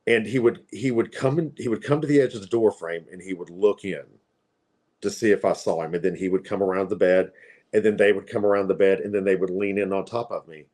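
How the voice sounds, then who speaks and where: Low-voiced rambling man telling a story. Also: fairly quick, a little mellow. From Appalachia, US. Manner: chatty, rambling, with frequent fillers. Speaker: guest, tarot reader. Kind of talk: casual storytelling.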